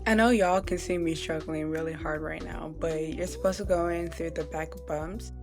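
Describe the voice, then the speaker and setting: A woman's voice: low voice, steady tone, moderate pace, over music. A young woman narrating a crochet tutorial in a casual, playful way, talking to viewers as "y'all" and laughing at her own struggles. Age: young adult. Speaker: crochet vlogger.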